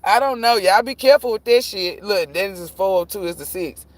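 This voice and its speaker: Man, tarot reader, live-stream rant, fairly high voice, profane, rambling, loud bursts then muttering. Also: brisk. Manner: profane, rambling, self-interrupting; animated, jumps between shouting and muttering.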